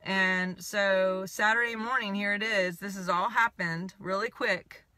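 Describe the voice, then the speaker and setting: A woman's voice: medium pitch, unhurried, no room sound. A woman telling a personal story in a casual, rambling monologue, full of "I'm like" asides. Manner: rambling, animated retelling with many "I'm like" asides. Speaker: spiritual coach.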